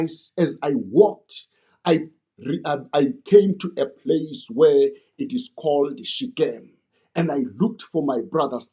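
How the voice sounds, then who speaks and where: Man, first-person storytelling, earnest, mellow, slow delivery. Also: on the high side. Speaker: student retelling a story.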